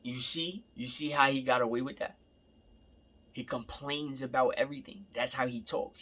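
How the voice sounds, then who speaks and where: Bright-voiced young man ranting casually. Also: mid-range voice, steady tone, normal speed. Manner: rambling, repeats himself, profane, laughing asides. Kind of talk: casual rant.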